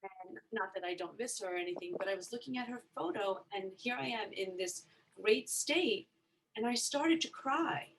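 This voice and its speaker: A woman in a meditation session sharing her own experience with the group. She speaks openly and reflectively, her voice sitting in a middle pitch. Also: expressive, moderate pace, a little hiss or hum, rough recording. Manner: open and reflective. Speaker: meditation participant.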